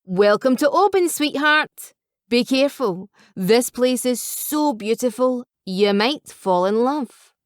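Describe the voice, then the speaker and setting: A woman's voice: fairly high pitch, lively intonation, takes it slowly, no room sound, studio quality. A woman reading the part of a chatty, teasing elderly male taxi driver in an audiobook. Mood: jovial.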